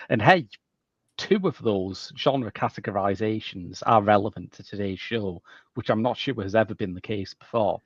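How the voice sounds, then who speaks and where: A man hosting a podcast, talking quickly and energetically in casual chat. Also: lowish voice, slightly rough, no echo, highs cut off. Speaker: podcast host.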